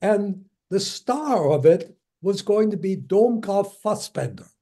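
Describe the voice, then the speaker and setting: A man in his nineties from Germany, giving a lecture as a string of anecdotes, halting with many fillers and restarts and chuckling as he tells them. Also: high-pitched, lively intonation, warm tone. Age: 90s. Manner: chuckles while recounting stories.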